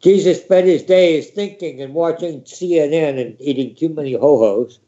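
Man, mid-high mellow voice, wry spoken-word storyteller, dull lo-fi recording. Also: normal speed. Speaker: reader.

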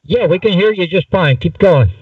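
A man's voice: high-pitched, lively intonation, normal speed, slightly rough, no echo, far from the mic. A man hosting a call-in radio show, welcoming a caller and encouraging him with short prompts. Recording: tinny phone-like line from afar.

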